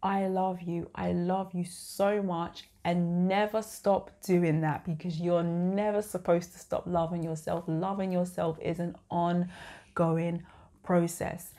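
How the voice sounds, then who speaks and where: Gravelly, mellow-voiced woman vlogger. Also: on the low side. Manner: soft, coaching, speaks directly to the viewer. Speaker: self-improvement vlogger. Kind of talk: encouraging advice talk to camera.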